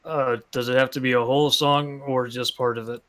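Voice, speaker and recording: A tabletop role-playing player speaking casually and hesitantly, with many pauses. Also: mid-range voice, little pitch movement, fairly bright tone.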